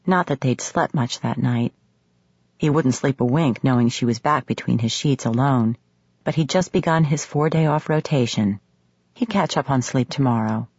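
A woman reads a romance novel in a measured, sultry way, her voice low and husky. The sound is close and dry, with no room around it. The top end is a little dull. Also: a little mellow, no echo. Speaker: audiobook narrator. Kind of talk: scripted romance narration. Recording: slightly muffled studio audio.

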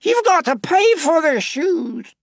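An English man voicing a shrewd male parrot who keeps a shoe shop, in a high squawky voice that stretches out its words. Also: very animated, slow pace, no room sound, clean studio sound, heavily acted. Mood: indignant.

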